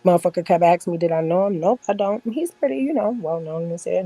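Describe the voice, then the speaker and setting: A woman's voice: lowish voice, expressive, quick pace, hardly any pauses, dark tone, breathy edge, rough recording. A woman in her forties telling stories in a casual chat as a podcast guest, blunt, boastful and full of profanity.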